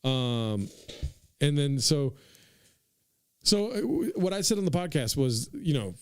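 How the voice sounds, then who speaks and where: A man's voice: a little high, big pitch swings, measured pace, darkish tone, clear, resonant tone, dry recording. A young man hosting a podcast, telling a comic story in a rambling, profane way, full of "dude" and asides to his listeners. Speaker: podcast host. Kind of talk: casual comedic storytelling.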